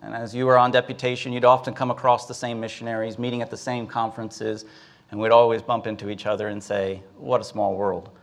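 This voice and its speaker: A man's voice: mid-range voice, little pitch movement, quick pace. Man telling a Bible story in a sermon. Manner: storyteller, with frequent filler words. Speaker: preacher.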